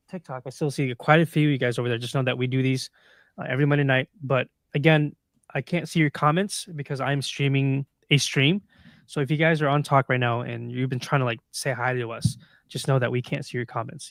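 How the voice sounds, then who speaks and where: A man co-hosting a podcast in casual live-stream chat, excitable and slangy. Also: mid-range voice, dry recording, studio quality. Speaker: podcast co-host.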